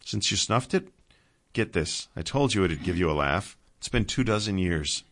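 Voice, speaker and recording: A man's voice: low voice, expressive, normal speed, fairly bright tone, exaggerated voice. A man voicing a blunt, wry man brought back from death, speaking. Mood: teasing.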